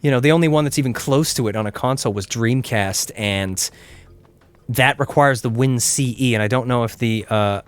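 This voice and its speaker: A man chatting casually to his chat while playing an action game, getting loud and excited during fights. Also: medium pitch, normal speed, clean tone. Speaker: game streamer.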